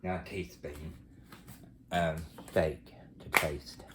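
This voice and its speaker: Folksy man, low voice. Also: fairly even intonation, a little slow, slight background noise. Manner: folksy, chatty, addresses viewers as folks. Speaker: home cooking show host. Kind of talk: casual cooking demonstration. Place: home kitchen.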